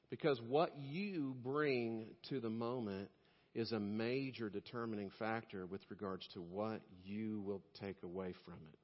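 A male pastor preaching a sermon, telling stories and swinging between loud emphasis and quiet asides. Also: fairly low pitch, lively intonation, moderate pace, in a large hall, muffled recording.

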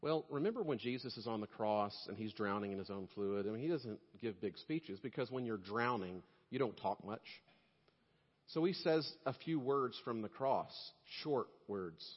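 Preacher man with a husky voice. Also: lowish voice, expressive, moderate pace, long reverb tail, dull audio. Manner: storytelling preacher, dramatic swings between loud emphasis and soft asides. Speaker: pastor. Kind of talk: sermon.

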